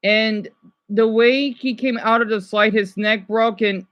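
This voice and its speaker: A woman with a fairly high voice chats casually as a streamer reacting to videos. She rambles, restarts her sentences and trails off mid-thought. The sound is dry and close. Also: fairly even intonation, a little slow, a bit bright, no room sound. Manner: chatty, trailing off and restarting, laughs easily.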